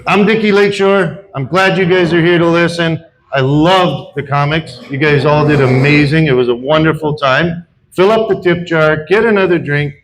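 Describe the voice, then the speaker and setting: An older man on a bar comedy stage, telling a rambling story that pokes fun at himself. His voice sits a touch higher than most men's, with plenty of stumbles and restarts. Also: normal speed, slight background noise, poor audio. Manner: self-deprecating, rambling with repeats and restarts. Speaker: stand-up comic. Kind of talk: stand-up storytelling.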